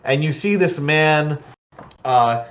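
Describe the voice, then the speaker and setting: Slow, easygoing male game master. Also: on the high side, muffled recording. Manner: relaxed, many fillers. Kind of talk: narrating a tabletop game.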